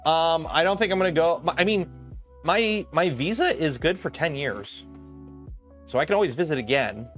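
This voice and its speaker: A man's voice: on the high side, animated, moderate pace, fairly bright tone, soft background music. A man with a slight lisp, hosting a casual livestream and rambling with lots of "um" and restarts. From Canada. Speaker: livestream host.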